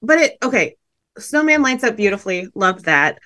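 A woman's voice: mid-range voice, sing-song, bright, forceful tone. A woman who works as a teacher, co-hosting a podcast in casual chat with a playful, sarcastic manner. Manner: playful, sarcastic, quick to laugh.

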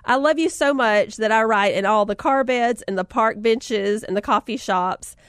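This Southern-accented woman speaks at a moderate pace, her voice sitting slightly high, as she passes along life lessons through spirited personal anecdotes. She's casual and encouraging, laughs between lines, and addresses her audience as "y'all" a lot. The sound is close-miked and dry, nearly free of echo.

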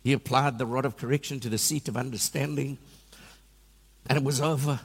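A man preaching a sermon in a church, telling animated, self-mocking stories. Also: medium pitch, normal speed, long pauses, breathy edge, in a large hall. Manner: animated storytelling with self-deprecating humor. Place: church hall.

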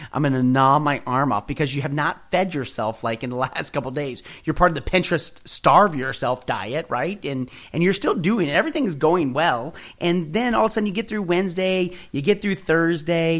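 A man hosting a podcast, giving a casual motivational talk and telling stories with quick acted quotes. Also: on the high side. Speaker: podcast host.

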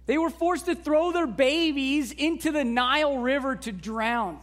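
Woman pastor, high unhurried voice, conversational sermon with rhetorical asides.

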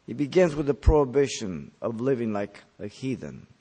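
A man preaching a verse-by-verse sermon, explaining the text in an emphatic teaching manner, with his pitch lifting sharply on key words and then falling. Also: very animated, moderate pace, dark tone, breathy edge. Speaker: pastor. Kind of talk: expository sermon.

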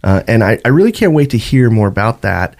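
A man's voice: lowish voice, very animated, a little fast, creaky, a little mellow. A man hosting an interview show, asking curious questions with enthusiasm. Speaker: podcast host. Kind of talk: interview talk.

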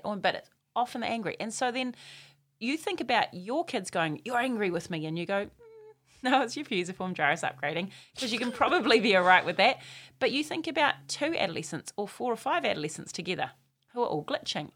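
A woman talks through an idea in an animated, chatty way. She laughs easily and slips into quick acted-out quotes as she explains. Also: medium pitch. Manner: lively, laughs often, acts out quotes. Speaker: parenting expert guest. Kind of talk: explanatory chat.

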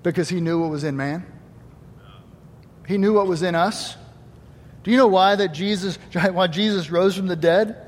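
A man preaching a sermon, lively and animated, acting out quoted voices and swinging between loud emphasis and quiet asides. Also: high voice, normal speed, long pauses, in a large hall. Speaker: pastor. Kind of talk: Easter sermon.

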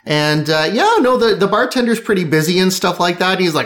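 A man's voice: high voice, lively intonation, a little fast, fairly bright tone. Rambling man running a tabletop game. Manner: rambling, with many fillers and restarts. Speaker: game master.

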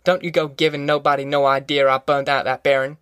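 Touchy teen farm boy, voiced by a male narrator; pitched up, grumbling country dialect, dry close mic. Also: moderate pace, a bit bright, dry recording, natural voice. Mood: defensive. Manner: rural dialect, complaining. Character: teenage boy driver, touchy and defensive.

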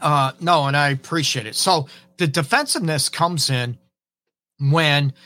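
A middle-aged man, a relationship counselor, hosting an advice talk while hoarse from a cold, earnestly checking in with his listeners. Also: on the high side, a little slow, pushed and bright, no echo. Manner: earnest, keeps asking "right?" and "okay?". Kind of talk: live-streamed advice talk.

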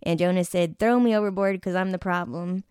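A woman hosts a relaxed conversation about faith, telling her stories with animated energy and frequent laughter. Her voice is smooth and clear, sitting a little low for a woman. The sound is close and dry, with no room around it. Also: brisk, dry recording. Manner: animated storytelling, laughs often. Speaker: host interviewing her mother.

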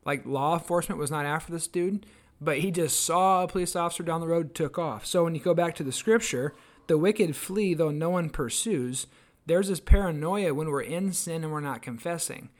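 Man, podcast co-host, earnest casual storyteller, slightly raised pitch. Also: brisk. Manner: earnest storytelling, acts out quoted voices. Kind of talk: casual devotional chat.

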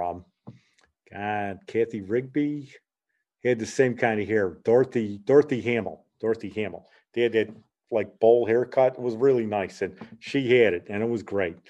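An older man in his sixties hosts a casual chat show at a middling pitch. He tells meandering stories, chuckling as he goes and replaying old conversations line by line. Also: darkish tone, highs cut off. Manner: rambling, anecdotal, chuckling, retells dialogue with "he goes". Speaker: podcast host.

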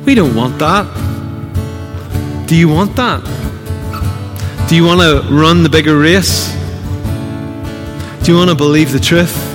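A male pastor from Northern Ireland preaches with earnest urgency and keeps turning to the congregation with direct questions. His voice sits fairly high and rings out in a reverberant church hall. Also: unhurried, long pauses, music in the background. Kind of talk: sermon.

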